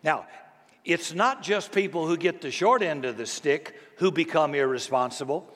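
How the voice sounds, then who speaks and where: Older guy preaching, kinda high voice, folksy stories, echo hangs in a big hall. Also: a bit bright. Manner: folksy, storytelling, slow and deliberate. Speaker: pastor. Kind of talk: sermon. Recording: long hall reverb.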